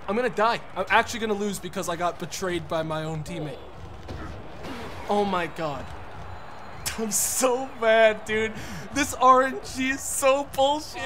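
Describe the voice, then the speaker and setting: A man streaming a video game, ranting and swearing in exasperation and often breaking into shouts. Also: sits high, unhurried, noisy background. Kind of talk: live gameplay commentary.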